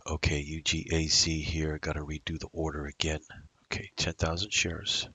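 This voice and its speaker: A man's voice: a bass voice, flat delivery, moderate pace, sharp tone, slightly rough, no echo. A man day trader giving rambling live commentary on his trades, talking to himself and drifting into musings. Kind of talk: live trading commentary over a screen recording.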